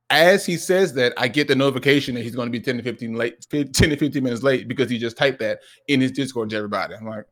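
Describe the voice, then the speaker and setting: A man co-hosting a podcast, telling a story in casual chat, restarting often and acting out what people said with sudden jumps in pitch. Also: a little fast. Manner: animated storyteller, acts out quoted lines with jumps in pitch; frequent restarts and repeated words. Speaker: podcast co-host.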